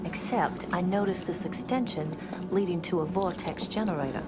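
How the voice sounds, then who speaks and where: A woman's voice: lowish voice, normal speed, close to an everyday voice. An actress playing a prim woman officer in a sci-fi film, with a put-on Southern US belle accent that sounds affected and overdone. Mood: commanding. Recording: film clip under loud scary music.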